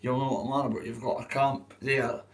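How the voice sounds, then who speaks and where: A hoarse adult man with a Dundee Scottish accent, chatting on a livestream in a rambling, sweary way. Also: medium pitch, flat delivery, brisk, low-quality recording. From Dundee, Scotland. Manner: swears freely, restarts often. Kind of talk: rambling casual livestream chat.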